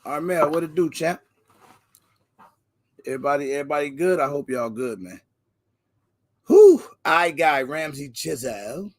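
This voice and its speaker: A man hosting a casual livestream, giving energetic slangy shout-outs to viewers by name. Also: on the high side, moderate pace, long pauses. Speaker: livestream host.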